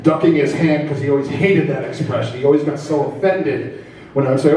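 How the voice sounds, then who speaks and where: A man's voice: mid-range voice, fast, mellow. A man from New Jersey performing a stand-up set on a comedy club stage, chatty, self-deprecating and teasing the crowd. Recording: echoey club from a distance.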